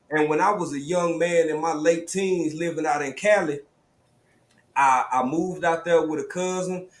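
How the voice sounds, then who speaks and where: A man with a Southern US accent, hosting a live stream panel, telling stories in lively slang over a video call. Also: fairly high pitch, echoey room. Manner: animated, storytelling, drawling slang. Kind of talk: casual panel talk.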